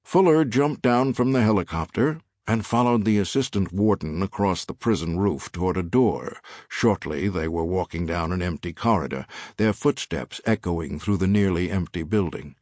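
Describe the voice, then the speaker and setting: An audiobook narrator with a deep voice reads a novel at normal speed, sounding a little mellow. It's scripted narration recorded clean in a studio with no room sound.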